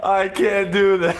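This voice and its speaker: Animated man reacting with laughter. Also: a little high, a little hiss or hum. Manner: laughing, incredulous, profane, addresses viewers as bro. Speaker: boxing commentator. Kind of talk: casual reaction commentary.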